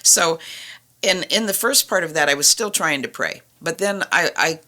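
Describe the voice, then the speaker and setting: A woman's voice: low-pitched, expressive, moderate pace, pushed and bright. A middle-aged woman telling her personal faith story on a Christian radio talk show, earnest and vivid, acting out the conversations she recalls.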